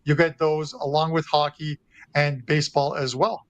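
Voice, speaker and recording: A man's voice: on the high side, little pitch movement, normal speed, dry recording, dull audio. A man appearing as a guest handicapper, talking through his soccer and hockey betting plays in a chatty way. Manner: chatty, with frequent uh fillers and restarts. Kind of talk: sports betting analysis.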